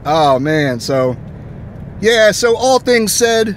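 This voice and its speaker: Animated man vlogging from a car. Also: sits high, slow. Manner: animated storytelling, acts out both sides of exchanges. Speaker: gaming vlogger. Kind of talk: casual chat. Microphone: phone camera. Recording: faint road noise inside a moving car. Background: faint car and road noise.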